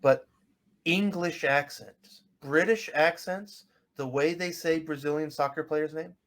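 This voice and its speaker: Brief: higher-pitched bilingual American man, casual podcast chat, explains as he goes. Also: a little slow, fairly bright tone. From United States. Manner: chatty, explains with examples and acted quotes. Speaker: podcast panelist.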